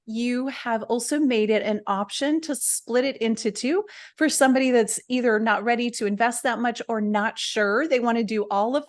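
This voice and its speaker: A woman hosting an interview, talking up a course in an upbeat, sales-pitch way and wrapping up the show. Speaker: podcast host. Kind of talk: promotional interview chat.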